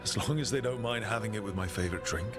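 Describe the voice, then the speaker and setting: A man's voice: on the low side, quick pace, lightly acted. An actor playing an affectionate, playful man in a fantasy video game, with a teasing way of talking. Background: game music.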